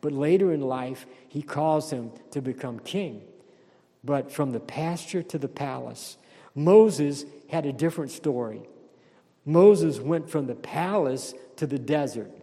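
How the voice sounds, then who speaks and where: A man's voice: on the high side, unhurried, dark tone, big-room sound. A man preaching a sermon as pastor, emphatic and questioning the congregation.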